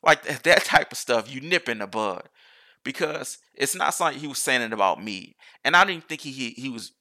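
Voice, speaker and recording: A man's voice: medium pitch, bright, forceful tone. A man talking in a casual, rambling monologue, swearing freely and restarting his sentences often.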